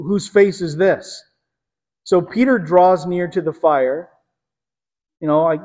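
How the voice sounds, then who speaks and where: Male preacher, dramatic and emphatic storyteller, slow deliberate delivery, long room reverb. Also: a little high. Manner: dramatic storytelling, emphatic, drops to hushed tones. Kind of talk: sermon.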